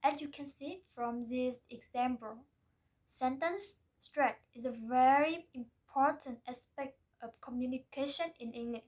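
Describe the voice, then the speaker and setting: High-voiced woman slowly reading a presentation. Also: a little mellow, low-quality recording. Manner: careful, reading aloud from a script. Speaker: student presenter.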